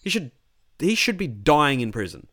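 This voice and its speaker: A man's voice: on the high side, big pitch swings, normal speed, fairly bright tone. A young Australian man telling a rambling party story in casual chat, swearing freely.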